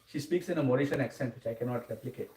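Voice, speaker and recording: Male lecturer, mellow and fairly high voice, teaching a scripture class, recorded from a distance. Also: rapid-fire. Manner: often checks in with the audience with "Huh?" and "Okay?". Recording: roomy, distant mic, faint noise.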